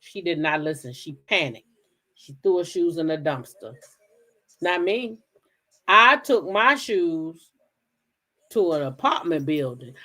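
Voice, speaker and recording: A woman from the DC hosting a casual livestream, telling stories straight to her viewers in an animated, profane way. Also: fairly low pitch, slow, long pauses. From Kensington, Maryland, near Washington DC. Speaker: livestream gossip host. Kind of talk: casual chat with live viewers.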